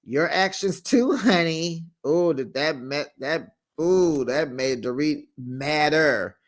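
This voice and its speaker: Slow-talking sassy recap host. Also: mid-range voice. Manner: sassy, animated, frequent laughter; slips into quoted voices while retelling scenes. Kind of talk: casual recap commentary.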